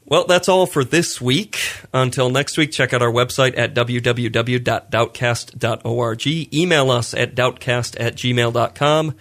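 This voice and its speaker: A man's voice: mid-range voice, fairly even intonation, a bit bright. Wry male podcast host. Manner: wry, quick quips. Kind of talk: casual discussion.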